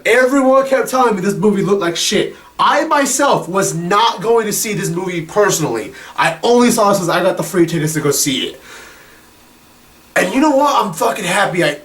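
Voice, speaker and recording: A man's voice: high-pitched, animated, a little fast, fairly bright tone. A young man giving a casual, profane film review, rambling with lots of fillers, a little distant from the mic. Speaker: movie reviewer.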